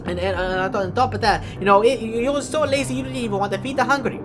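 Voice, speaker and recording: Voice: mid-range voice, fast, natural voice. Performer doing an indignant scolding church sister. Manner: accusing, stammering, mocking. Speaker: church member. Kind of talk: comedy sketch acting. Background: music.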